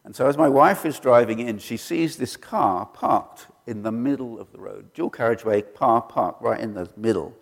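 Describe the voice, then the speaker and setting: A middle-aged man preaching a sermon, telling stories and acting out the quoted voices with sudden leaps in pitch. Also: normal speed, vocal fry, hardly any pauses. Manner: animated, acts out quoted voices with jumps in pitch. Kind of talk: sermon storytelling. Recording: long hall reverb.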